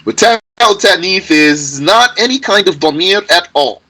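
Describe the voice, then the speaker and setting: A man's voice: high-pitched, animated, a little slow, pushed and bright, low-quality recording. A man teaching an Arabic grammar lesson to a class, patient and repetitive, stressing key points emphatically.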